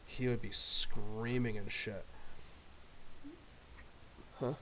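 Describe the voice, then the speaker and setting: A man's voice: on the low side, level tone, very slow, sharp tone. Casual male streamer, loose and profane, telling a story with a faint hiss behind. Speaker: live streamer.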